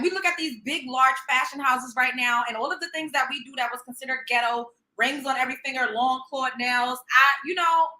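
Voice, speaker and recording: A woman's voice: high-pitched, bright, forceful tone. A woman hosting a livestream, reacting in a profane, sarcastic, emphatic rant. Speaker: livestream host. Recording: roomy echo.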